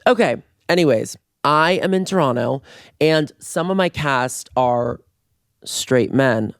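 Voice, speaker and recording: A man's voice: medium pitch, animated, takes it slowly, creaky, smooth, no echo, studio quality. Campy, playful man hosting a podcast. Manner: playful, campy, with sudden screams. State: voice going hoarse. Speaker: podcast host. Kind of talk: casual solo podcast chat. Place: residence room in Toronto. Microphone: podcast mic on video.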